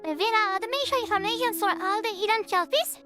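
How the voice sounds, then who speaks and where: A woman streamer giving casual gaming commentary in a giggly, halting way with frequent restarts. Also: very high voice, music in the background.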